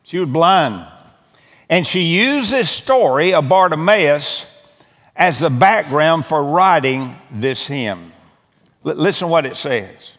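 Pleading pastor, slow and echoing. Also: male voice, a little high, lively intonation, a bit bright. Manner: earnest pleading with stammered repeats. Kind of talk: sermon altar call. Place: church sanctuary. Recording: long hall reverb from church room.

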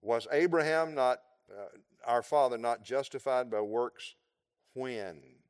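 A man preaching a sermon, explaining scripture verse by verse with emphatic, drawn-out phrases. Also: medium pitch, clear, resonant tone, big-room sound.

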